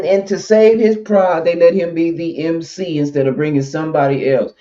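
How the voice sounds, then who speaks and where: A man hosts a casual livestream, hammering his points home bluntly and with open mockery. His voice sits fairly high but soft in tone. The audio is muffled and lo-fi. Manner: blunt and emphatic, mocking. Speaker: stream host. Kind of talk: casual opinion chat.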